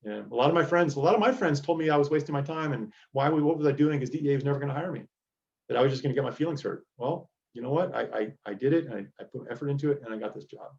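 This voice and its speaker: A man's voice: medium pitch, rapid-fire, vocal fry, darkish tone, muffled recording. A middle-aged man, a DEA agent, giving an earnest motivational lecture to students over a video call.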